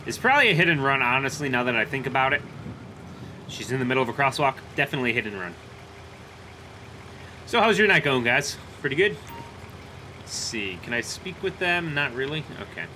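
A young man in a mid-range voice, brisk and sing-song with a sharp tone and long pauses, plays a police officer in a game for his YouTube channel. He casually describes his moves and radios dispatch in character using police terms, with game sounds clearly heard behind him.

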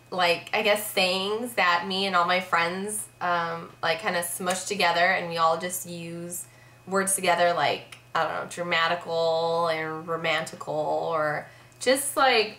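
A woman's voice: on the low side, pushed and bright, reverberant. A young woman vlogging in a casual, rambling chat to camera, filling her sentences with "like". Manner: chatty, rambling, heavy use of "like".

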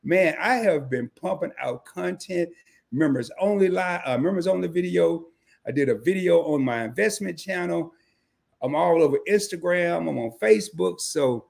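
Male live-stream host with a gravelly, raspy voice, loose and slangy, chatting straight to his viewers. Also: fairly high pitch, moderate pace, a little mellow. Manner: loose slangy banter, greets viewers by name; frequent fillers and self-corrections. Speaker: credit card channel host. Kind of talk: casual live stream talk to chat.

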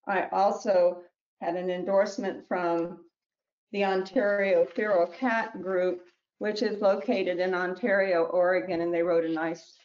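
A woman who wrote a children's book reads it aloud with gentle storybook narration and small slips, then talks about it. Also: on the low side, lo-fi sound. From New Mexico, US. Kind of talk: reading her picture book aloud.

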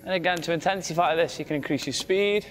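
Man, fitness instructor, high voice, counting down exercises, a bit breathless, faint music behind. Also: fast. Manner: gives short counted cues, encouraging. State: slightly out of breath. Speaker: cardiac rehab exercise instructor. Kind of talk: coaching an exercise class.

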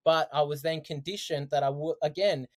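A man, a podcast guest telling his story in casual, animated chat, laughing often. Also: fairly high pitch, normal speed. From Australia.

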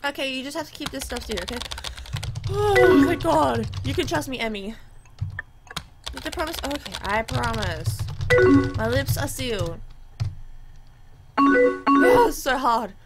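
High-voiced woman reading game chat aloud. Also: animated, a little fast, loud music behind the voice. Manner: reads both sides of a chat aloud, chatty and reactive. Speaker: gaming channel host. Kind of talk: let's play, reading chat messages aloud.

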